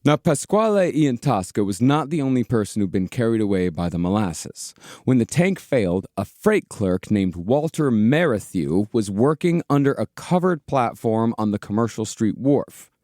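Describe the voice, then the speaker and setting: A man hosting a comedic history podcast, telling the story in a steady way with casual swearing. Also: mid-range voice, normal speed, dry recording, clean studio sound. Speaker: podcast host, narrator.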